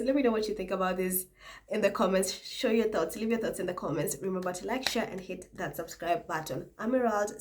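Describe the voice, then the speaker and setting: A woman's voice: mid-range voice, noisy background. A young adult woman hosting a casual vlog, reading viewer comments aloud with frequent laughter and mocking asides, and she has a cold.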